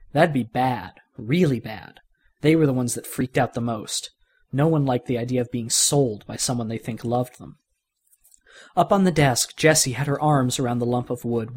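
Man, story reader, expressive narration, mid-pitched. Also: breathy edge. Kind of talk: reading fan fiction aloud.

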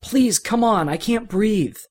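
A man's voice: a little high, normal speed, husky. A man reading a fan fiction audiobook, voicing a whiny, desperate young male supervillain who pleads and strains. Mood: pleading.

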